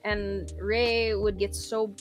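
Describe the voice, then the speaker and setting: Young woman guest just chatting, talks a lot, mid pitch, faint music under it. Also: takes it slowly. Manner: chatty, lively, breaks into character voices. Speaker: guest content creator. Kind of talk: casual interview chat.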